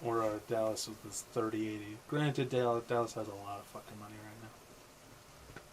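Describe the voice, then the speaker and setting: A man's voice: on the low side, steady tone, moderate pace, slight background noise. A young man, co-hosting a casual podcast chat and telling stories with lots of swearing. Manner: swearing, storytelling with quoted exchanges. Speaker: podcast co-host. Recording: music playing behind. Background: music.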